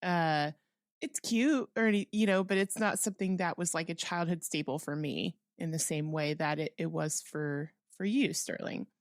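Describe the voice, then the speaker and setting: A woman's voice: deep voice, normal speed, no room sound, studio quality. A woman co-hosting a podcast, chatting casually about a film in an easygoing, rambling way. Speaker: podcast co-host. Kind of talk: casual movie review chat.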